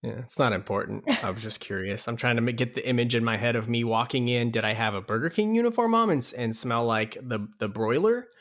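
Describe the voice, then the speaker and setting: A man's voice: mid-range voice, animated, a little fast, hardly any pauses, a bit bright. A man co-hosting a podcast in casual chat, with dry, joking asides. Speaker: podcast co-host.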